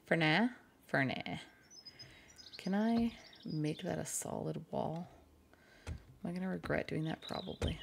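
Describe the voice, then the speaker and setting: Woman, low voice, raspy fry, joking game-stream chatter. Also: noisy background. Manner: chatty, crude joking, talks to chat. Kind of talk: casual live-stream commentary.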